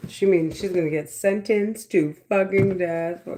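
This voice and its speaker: A woman speaking in an agitated, repetitive monologue, swinging between fast bursts and low mutters. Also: very noisy. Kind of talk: casual monologue to camera.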